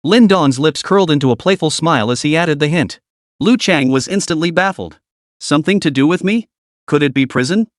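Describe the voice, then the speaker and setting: A man's voice: on the high side, expressive, brisk, dry recording, clean studio sound. A man narrating a comic story recap in a dramatic storytelling manner.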